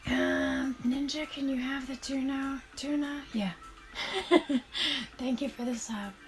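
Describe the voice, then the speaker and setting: A woman streaming as she paints shoes, chatting casually and thanking viewers in a soft, often half-whispered voice. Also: high-pitched, fairly even intonation, slow, soft background music. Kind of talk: casual live-stream chat while painting.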